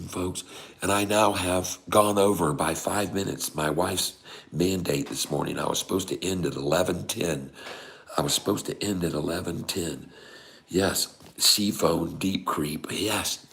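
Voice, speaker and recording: A middle-aged day-trading streamer with a low voice and vocal fry gives excited, folksy live commentary on trading charts. He is full of exclamations and keeps making asides to his viewers.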